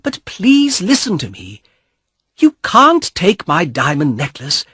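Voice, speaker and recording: A frightened young woman pleads in a high, swooping voice, as a man puts her on. Her tone rises sharply and falls again, and the delivery is unhurried and a little husky. It sounds like a storybook reading. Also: wildly swooping pitch, pushed and bright, no echo, studio quality, exaggerated voice. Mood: pleading.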